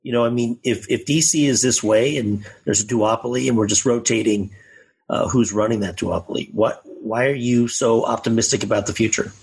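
Husky man asking probing questions. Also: medium pitch, fairly even intonation, a little fast, darkish tone, low-quality recording. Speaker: podcast host. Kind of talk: interview questions.

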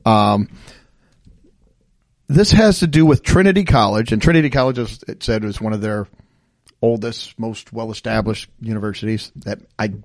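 A man's voice: lowish voice, moderate pace, a little mellow, no echo. A man hosting a casual podcast chat, reading out strange laws and laughing often as he explains them. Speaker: podcast host.

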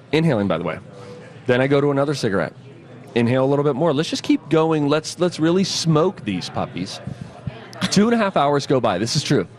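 A male morning radio co-host talks into a studio microphone in easy, casual banter. He tells comic stories in an animated way. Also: medium pitch.

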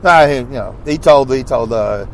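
A man hosting his own podcast, reading listener comments aloud in a rambling, animated way with mocking asides. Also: medium pitch, normal speed, a little hiss or hum. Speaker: podcast host.

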